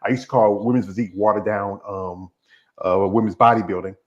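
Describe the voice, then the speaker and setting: Man, interview host, low pitch, rambling casual talk, dull lo-fi sound. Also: fairly even intonation, brisk. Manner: rambling, easygoing, trails off mid-sentence. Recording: dull lo-fi recording.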